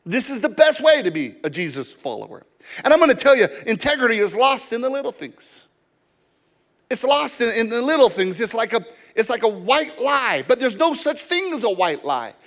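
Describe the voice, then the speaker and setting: A male pastor with a high voice delivers a sermon. He tells personal stories and acts out both sides of the conversations as he preaches. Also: big pitch swings, moderate pace, fairly bright tone.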